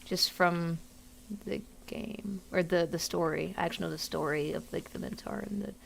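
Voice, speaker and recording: A woman's voice: lowish voice, steady tone, normal speed, gravelly, a little hiss or hum. A woman streamer giving chatty, casual live commentary while playing a game, musing aloud.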